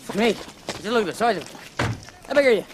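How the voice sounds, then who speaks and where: A man's voice: high-pitched, animated, brisk, background noise, pitched above the performer's own voice. A man putting on a brash Irish traveller's voice, mumbling and over the top with an Irish accent.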